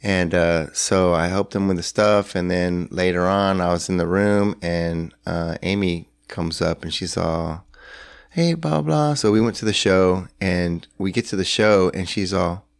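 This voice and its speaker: Deep-voiced rambling man. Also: level tone, a little slow, few pauses, clear, resonant tone, no room sound. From San Antonio, Texas. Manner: rambling, lots of fillers and restarts, acts out dialogue. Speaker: podcast guest. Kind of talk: casual storytelling. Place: hotel room.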